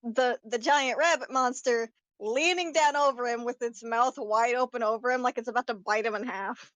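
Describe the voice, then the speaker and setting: Woman game master, high voice, dry sound, playful, teasing narration. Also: fairly even intonation, normal speed, a bit bright, no room sound, low-quality recording. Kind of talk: narrating a tabletop role-playing game.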